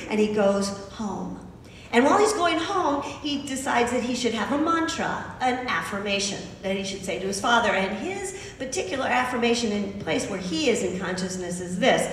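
A woman preacher giving a sermon, telling a story with emphatic, animated asides. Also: medium pitch, a little fast, far from the mic, slight background noise. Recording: echoey hall recorded from afar.

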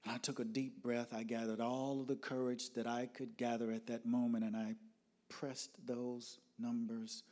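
A man telling a personal story dramatically, moving from loud outbursts to hushed whispers. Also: medium pitch, flat delivery, normal speed.

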